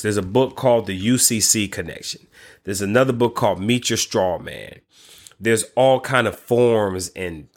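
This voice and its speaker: A man who works as a credit repair coach, telling a story casually, with lots of restarts, exclamations and swearing. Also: fairly low pitch. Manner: animated, frequent restarts and exclamations.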